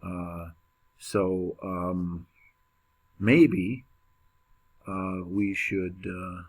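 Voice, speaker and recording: A man gives a chemistry lecture at an unhurried pace, his voice sitting on the low side. He talks casually, cracks small jokes and fills gaps with ums and uhs. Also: steady tone. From United States. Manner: casual, joking, with many fillers and restarts. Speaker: chemistry teacher. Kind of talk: classroom lecture.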